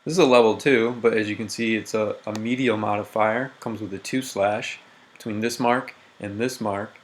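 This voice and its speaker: In a recorded grammar lesson, a man with a fairly low, steady voice works methodically through diagrams. He reads example sentences slowly and with emphasis.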